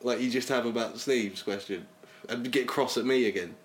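A man's voice: mid-range voice, moderate pace. Laughing, teasing man. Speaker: podcast host. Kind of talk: casual banter.

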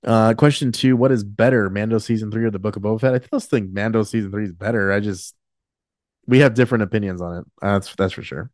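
Candid young man, low dry voice. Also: steady tone, fast talker, darkish tone, no echo. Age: 20s. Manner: candid, rambling with many fillers and restarts, swears casually. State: emotional, choked up. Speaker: podcast host. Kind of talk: casual podcast chat.

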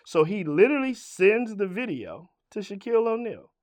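A middle-aged man from Richmond, Virginia, telling an animated story as an interview guest. His voice sits a bit high for a man. He swears freely and acts out every side of the dialogue himself. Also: normal speed. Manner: profane, acts out both sides of dialogue.

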